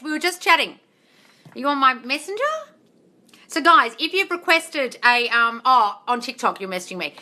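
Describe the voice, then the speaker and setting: Blunt, bright-voiced woman coach. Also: a little high, very animated, normal speed. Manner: blunt, swears freely, calls viewers darling; reads viewer comments aloud and answers them. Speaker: manifestation coach. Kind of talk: livestream Q&A chat. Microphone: phone on a livestream.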